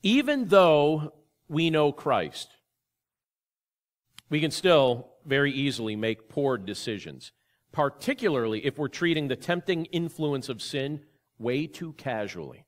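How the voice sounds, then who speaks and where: A man's voice: a little high, expressive, unhurried. Earnest man preaching a sermon. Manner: earnest, conversational preaching with rhetorical questions. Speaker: pastor. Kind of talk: sermon with opening prayer.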